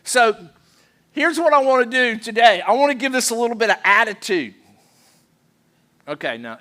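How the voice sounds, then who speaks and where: A pastor preaching a playful sermon and leading the congregation in call-and-response. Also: male voice, high voice, bright, forceful tone. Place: church sanctuary.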